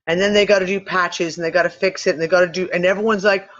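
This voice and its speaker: A man with a notably high voice talks through a speculative theory in a loose, meandering way, restarting sentences and swearing offhandedly. The sound is dull and lo-fi, with the top end muffled. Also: level tone, quick pace, few pauses, fairly bright tone. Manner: rambling, swears casually, thinks aloud with restarts. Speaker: podcast host. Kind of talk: casual speculative talk. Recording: dull lo-fi recording.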